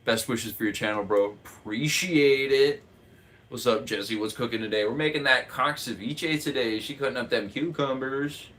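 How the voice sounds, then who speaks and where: A man's voice: mid-range voice, normal speed, a bit bright. Rambling, joking man on a stream. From United States. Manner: rambling, joking, laughs often. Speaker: streamer managing chat. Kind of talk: casual livestream chat.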